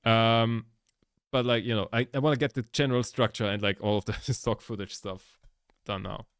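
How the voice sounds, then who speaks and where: A man's voice: lowish voice, steady tone, moderate pace, fairly bright tone, clear, resonant tone, no room sound, studio quality. A man chatting casually while editing a video, rambling, swearing a lot and laughing often, recorded indoors at home. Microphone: laptop microphone.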